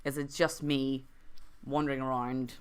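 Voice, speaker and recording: A woman's voice: a bass voice, little pitch movement, unhurried, clean tone. A young adult woman streaming an improvised interactive story and chatting with viewers, with wry, self-mocking asides.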